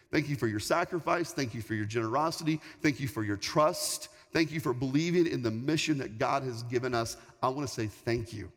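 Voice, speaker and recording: A male pastor preaching a sermon in a large church hall, talking in a conversational, repetitive, storytelling way. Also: mid-range voice. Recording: long hall reverb, faint music.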